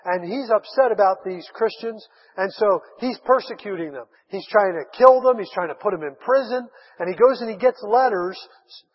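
A man preaching a sermon, retelling a Bible story with lively acted-out voices. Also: high voice, normal speed, slightly rough. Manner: animated storytelling, acts out voices of Bible figures. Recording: dull sound with long hall reverb.

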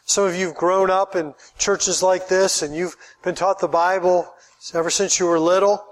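A man's voice: high-pitched, steady tone, normal speed. A man, a pastor, preaching a sermon in an earnest way, often repeating words as he builds his point.

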